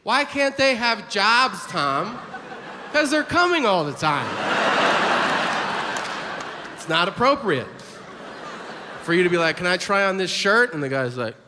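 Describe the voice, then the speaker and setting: A male stand-up comedian in his forties, telling stories with a lively, swooping, fairly high voice and breaking into shrill character outbursts. He is recorded live on stage, the sound ringing with long hall reverb over constant room noise. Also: takes it slowly, long pauses. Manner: animated storytelling, acts out characters with sudden high-pitched outbursts. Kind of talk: stand-up routine. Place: large comedy venue with audience.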